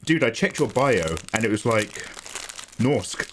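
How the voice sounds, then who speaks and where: A man's voice: lowish voice, lively intonation, measured pace, a bit bright, a little hiss or hum. A man hosting a casual livestream, greeting viewers by name in a chatty way and laughing often. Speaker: art livestream host.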